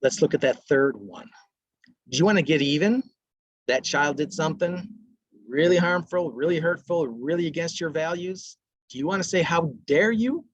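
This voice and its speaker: A man's voice: a little high, moderate pace, dry recording, dull audio. A man presenting a parenting workshop, talking casually and acting out short lines from parents and kids. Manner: conversational, acts out parents and kids in brief quotes.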